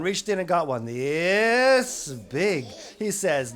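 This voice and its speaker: A man telling a story for children, playful, with drawn-out words and sound effects. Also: sits high, very animated, fairly bright tone.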